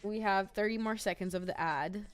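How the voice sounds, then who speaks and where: A woman's voice: mid-range voice, normal speed, clear, resonant tone, soft background music. A woman streamer chatting casually and rambling as she reads chat messages aloud.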